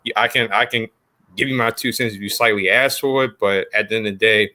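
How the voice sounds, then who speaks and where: A man hosting a podcast, talking in a reflective, halting way with frequent restarts. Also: fairly low pitch, fairly even intonation, bright, forceful tone. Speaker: podcast host. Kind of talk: casual podcast conversation.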